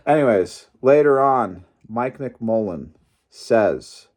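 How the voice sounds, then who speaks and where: A young man talks in a casual vlog with a lowish voice. He sounds animated and opinionated and drops in mild swearing while he recaps the day. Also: unhurried, pauses often. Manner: animated, opinionated, mildly profane. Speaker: wrestling fan commentator.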